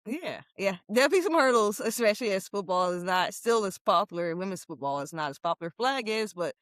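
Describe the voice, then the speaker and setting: Lively, clear-voiced woman from Memphis. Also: medium pitch, fairly quick, no room sound. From Memphis, USA. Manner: lively storyteller with frequent laughs. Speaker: guest, former football captain. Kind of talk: casual interview talk.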